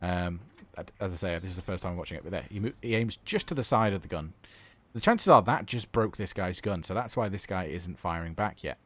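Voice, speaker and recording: A man's voice: low voice, brisk, fairly bright tone. A British man giving enthusiastic, chatty commentary over a gameplay replay as a gaming YouTuber.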